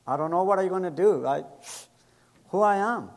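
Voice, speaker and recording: High-voiced pastor preaching in an echoey hall. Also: male voice, animated, normal speed, creaky. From El Salvador. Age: middle-aged. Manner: storytelling, acts out quoted voices, non-native grammar. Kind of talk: sermon with personal stories.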